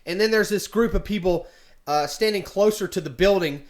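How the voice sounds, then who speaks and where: A man's voice: high-pitched, moderate pace. A man casually telling a story, rambling with many fillers and restarts. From United States. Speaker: vlogger.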